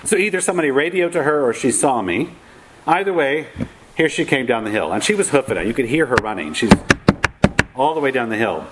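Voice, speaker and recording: A man's voice: mid-range voice, fairly quick, very noisy. A middle-aged man telling a funny personal story in a wry, self-mocking way, acting out the voices of the people in it. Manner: wry, self-mocking, animated quoting of others.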